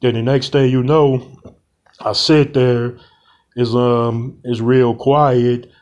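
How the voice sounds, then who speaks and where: A young man casually retelling a short film plot, rambling and slangy with many pauses. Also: mid-range voice, fairly even intonation, a little mellow, lo-fi sound. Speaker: storyteller.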